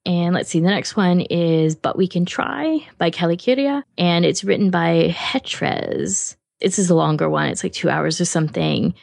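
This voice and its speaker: A woman's voice: lowish voice, expressive, normal speed, creaky, hardly any pauses, darkish tone, no room sound, studio quality. A woman co-hosting a podcast in casual chat, rambling with many fillers and frequent laughs. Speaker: podcast co-host reviewing fan audiobooks.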